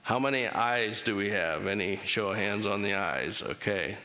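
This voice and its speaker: A man's voice: on the low side, moderate pace, bright, forceful tone. A man giving an interactive church talk, casual and joking, asking the congregation to raise hands. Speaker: church speaker. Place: chapel. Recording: long chapel reverb.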